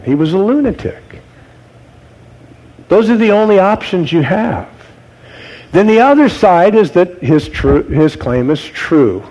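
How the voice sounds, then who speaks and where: A man preaching a sermon, posing rhetorical questions to his congregation and dropping to low, quiet tones for emphasis. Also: poor audio. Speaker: pastor.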